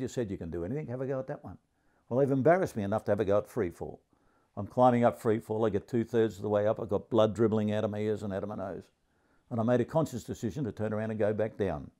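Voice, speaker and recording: Grumpy older Australian man, dark voice. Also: fairly low pitch. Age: 70s. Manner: grumpy, crude, deadpan storytelling. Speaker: stand-up comedian. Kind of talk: stand-up comedy routine.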